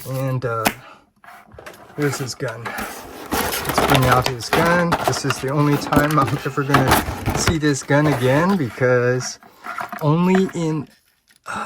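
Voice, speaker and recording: Guy slowly walking thru a toy review, lots of uh's, mid pitch, noisy background. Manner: unhurried, hesitant, chuckles often. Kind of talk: hands-on toy review, thinking aloud. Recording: steady background noise.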